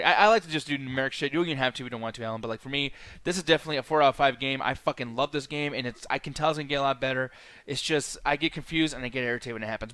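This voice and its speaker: A young man co-hosting a podcast, chatting casually about games and films, rambling and profane, with quick restarts. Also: medium pitch, a bit bright, clear, resonant tone, no echo. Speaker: podcast co-host. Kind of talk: casual review chat.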